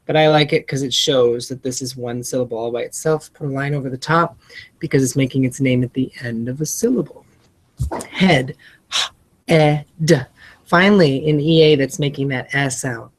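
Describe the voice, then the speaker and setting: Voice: medium pitch, normal speed. A reading teacher walking colleagues through a spelling lesson, spelling words out letter by letter and enunciating each syllable, with friendly asides. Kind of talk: lesson-prep walkthrough.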